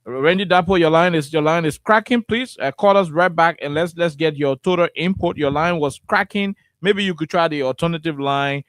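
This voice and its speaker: A man hosting a call-in radio show, briskly repeating his words as he moves between callers. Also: fairly high pitch, fairly bright tone, no echo.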